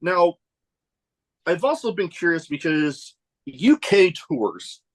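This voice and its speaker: Man, podcast host, relaxed interview chat, animated and slightly high pitch. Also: takes it slowly.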